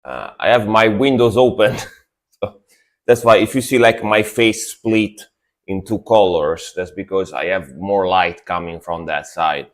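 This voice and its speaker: Sleepy low-voiced male streamer. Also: steady tone, measured pace. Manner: rambling, repeats himself, many fillers. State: sleepy, just woke up. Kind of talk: casual livestream chat.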